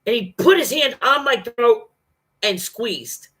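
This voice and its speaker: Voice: medium pitch, lively intonation, slow pace, fairly bright tone, breathy edge. A vlogger telling a personal story in a casual, profane, emphatic monologue, acting out the other people's lines.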